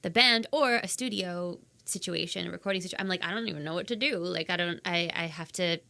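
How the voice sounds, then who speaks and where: A young woman from Canada talks casually as a podcast guest, chatty and quick to laugh at herself. Her voice is bright and edgy with a gravelly fry, sitting a little low. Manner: chatty and self-deprecating, laughs easily. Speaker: guest singer-songwriter.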